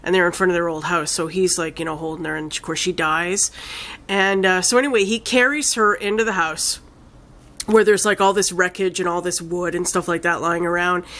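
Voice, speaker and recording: A woman giving a casual spoken film review, retelling the plot in a rambling, excitable way with many fillers and some casual swearing. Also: fairly low pitch, brisk. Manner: rambling, enthusiastic retelling full of "like" and "you know".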